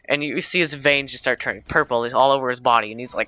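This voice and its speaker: A man's voice: medium pitch, quick pace, few pauses, no echo. A young man casually recapping a film, rambling with lots of fillers and self-corrections. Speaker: video uploader. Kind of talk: casual movie recap vlog. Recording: dull lo-fi home recording.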